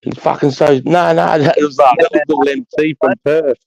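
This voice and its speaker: A man's voice: fairly high pitch, steady tone, normal speed, gravelly, darkish tone, no room sound, low-quality recording. A man in his fifties with an Australian accent, rambling and swearing freely as he tells stories in a casual chat. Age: 50s. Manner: rambling, profane, blokey storytelling.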